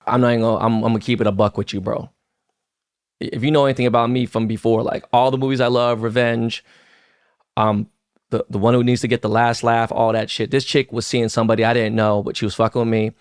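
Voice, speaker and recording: A man's voice: medium pitch, little pitch movement, quick pace, clear, resonant tone. A man in his fifties telling a story on a podcast in casual, profane slang, acting out quoted lines. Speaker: podcast co-host.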